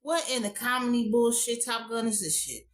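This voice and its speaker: A woman recapping a TV episode in a blunt, profane, animated casual style with lots of asides. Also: fairly high pitch, normal speed, low-quality recording. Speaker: TV show reviewer.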